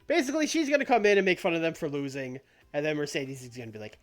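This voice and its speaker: Faint music plays behind a very fast, animated, medium-pitched streamer chatting casually on a live stream. Playing a wrestling booking game, they think out loud, laugh a lot and change plans partway through sentences.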